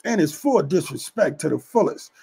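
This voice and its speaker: A man with a fairly high, gravelly voice tells a street story in a loose, casual way. His talk is husky and rough-edged, heavy with profanity. He keeps checking in with the listener, asking if they follow. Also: expressive, normal speed, a little mellow. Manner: profane, streetwise, keeps asking "you know what I'm saying". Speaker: channel host telling street stories.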